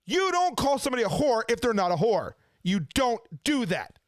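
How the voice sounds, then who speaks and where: High, lively-voiced indignant man. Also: moderate pace, no room sound, clean studio sound. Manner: indignant, heavy on rhetorical questions. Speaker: preacher and channel host. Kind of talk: casual ranting commentary. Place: home kitchen.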